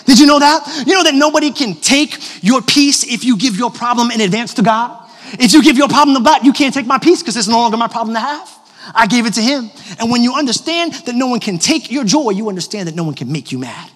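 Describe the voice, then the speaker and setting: Casting: pastor, thirties, male, high voice, slightly hoarse, animated, church hall reverb. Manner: animated, personal, jokes with the congregation. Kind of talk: sermon. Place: large church auditorium. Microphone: handheld microphone.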